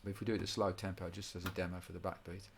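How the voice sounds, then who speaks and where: A man's voice: low voice, level tone, very fast, a little hiss or hum. A man teaching a guitar rhythm lesson in an informal way, often restarting his sentences and counting beats aloud.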